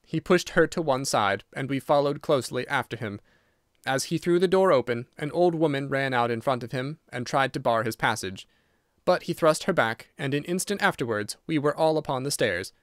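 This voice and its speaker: Male audiobook narrator, mid pitch, dry close sound, steady reading. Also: moderate pace, no room sound. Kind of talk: scripted narration.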